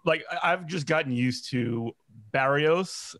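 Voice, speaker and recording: A man's voice: a little high, a bit bright, dry recording. Easygoing man guesting on a talk show. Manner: halting, easygoing. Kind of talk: casual interview chat.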